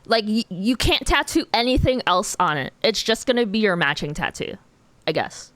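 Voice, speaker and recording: A woman with a mid-range, very animated voice talks at a moderate pace, sounding a bit bright on a dry recording. She's a streamer drawing while casually chatting with viewers, answering their chat questions, giggling often and peppering her speech with "like."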